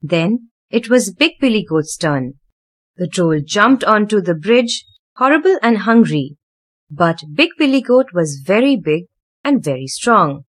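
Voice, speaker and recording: A woman reading a children's fairy tale aloud with expressive, sing-song storytelling. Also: medium pitch, breathy edge.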